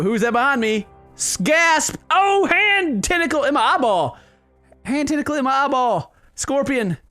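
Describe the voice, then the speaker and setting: A young man with a high, very lively voice chats through a video game and reads its characters' lines in put-on voices. He sounds playful and animated, with faint music underneath. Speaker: gaming video host. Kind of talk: casual game commentary with character readings.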